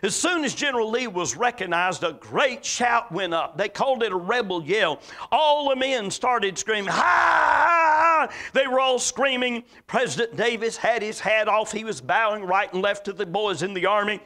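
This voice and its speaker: A preacher from the American South, with a Southern accent, giving a folksy, emphatic sermon full of stories and quotes. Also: male voice, high-pitched, animated, normal speed, sharp tone.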